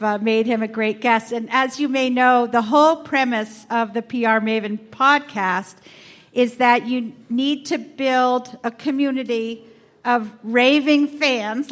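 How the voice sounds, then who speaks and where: Bubbly woman podcast host, high voice, warming up a live audience on a handheld mic. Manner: bubbly, laughs often. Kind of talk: live event speech. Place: event room with live audience. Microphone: handheld microphone.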